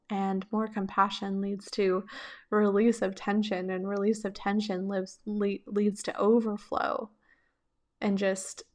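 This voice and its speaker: A woman hosting a podcast, answering listener questions with reflective, gentle relationship coaching and casual filler words. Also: medium pitch.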